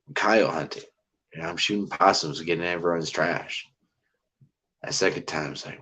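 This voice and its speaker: A man telling a cryptid encounter story in casual, rambling chat, getting excited and restarting his sentences. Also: low-pitched, moderate pace, long pauses, husky. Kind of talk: casual storytelling on a live call-in show.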